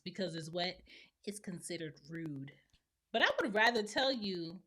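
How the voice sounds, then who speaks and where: A woman's voice: mid-range voice, expressive, a little slow, pushed and bright. Blunt woman podcaster airing opinions. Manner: blunt and opinionated, acting out other people's lines. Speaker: podcast host and mother. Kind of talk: solo opinion monologue.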